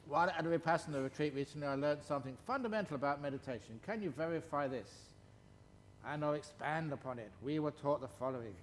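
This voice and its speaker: A man, a Buddhist monk, teaching a retreat in a meditation hall, his voice sitting a little high. He talks playfully, chuckling often and drawing words out slowly for emphasis. A faint hum of noise runs underneath. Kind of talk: dharma talk with questions and answers.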